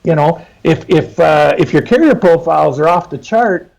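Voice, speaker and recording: A middle-aged man speaks in a slightly higher register, upbeat and plain-spoken. He talks as a guest in a casual interview, stressing his points with enthusiasm. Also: animated, normal speed, gravelly, a little mellow, rough recording. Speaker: trucking safety consultant, guest.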